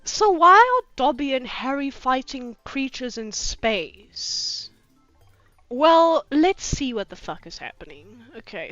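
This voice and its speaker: A woman's voice: fairly high pitch, fairly bright tone, smooth, no echo. Sweary South African woman reading aloud. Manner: sweary, incredulous, mocking asides. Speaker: streamer reading fanfiction. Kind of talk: live-streamed comedic reading with commentary. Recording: dry, slightly dull home stream audio.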